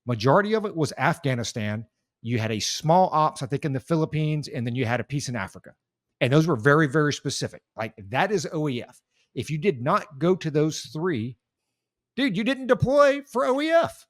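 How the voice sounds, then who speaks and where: A man's voice: fairly high pitch, expressive, a little fast, no echo, clean studio sound. A man co-hosting a casual podcast talk, a veteran who speaks in heated, rambling bursts with many restarts. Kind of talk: casual chat.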